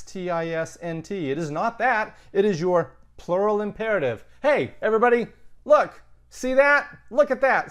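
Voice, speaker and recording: A man teaching a Latin lesson, thinking aloud with casual asides. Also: on the high side. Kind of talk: recorded lesson.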